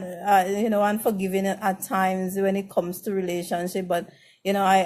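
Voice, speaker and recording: A woman's voice: medium pitch, darkish tone. A woman hosting a casual advice talk, blunt and frank, stumbling over and repeating her words. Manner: greets viewers by name in a slow sing-song. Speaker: host of a relationship advice show.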